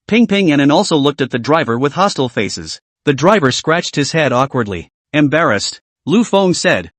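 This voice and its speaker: A man's voice: a little high, sing-song, normal speed, few pauses, a bit bright, no echo. A man narrating a comic story in a plain storytelling manner.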